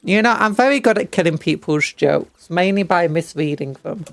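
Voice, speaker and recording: A woman's voice: lowish voice, lively intonation, moderate pace, no echo, faint music behind. A British woman streaming a game, reading upgrades aloud and making jokey asides. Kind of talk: casual gameplay chat.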